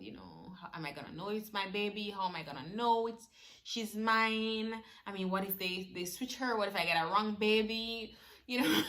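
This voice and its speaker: Bright-voiced woman telling a personal story. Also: lowish voice. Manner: animated, emotional retelling with laughs. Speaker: vlogger.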